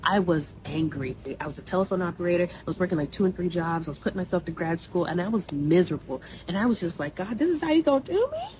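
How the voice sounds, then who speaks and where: A young woman telling a personal story in a blunt, animated, conversational way, full of asides to the listener. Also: on the low side, fast, hardly any pauses, background noise.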